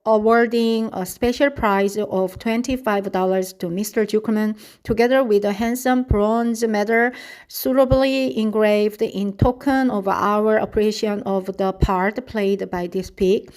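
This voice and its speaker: A woman voicing a formal, ceremonious male fair announcer speaking over a loudspeaker in a storybook reading. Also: medium pitch, steady tone, unhurried, clean tone, lightly acted.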